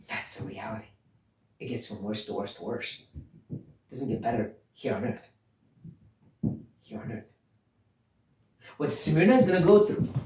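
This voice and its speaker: Canadian guy preaching, blunt and earnest, mellow voice, echoey room. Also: medium pitch. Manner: earnest, blunt, with frequent restarts and emphatic stresses. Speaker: Bible teacher. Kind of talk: sermon-style Bible teaching.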